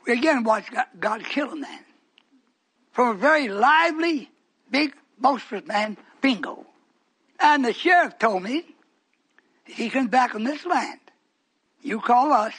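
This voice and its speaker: A male preacher giving a fiery sermon, repeating phrases for emphasis and swinging between shouts and hushed whispers. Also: extremely high pitch, animated, measured pace, pauses often, husky.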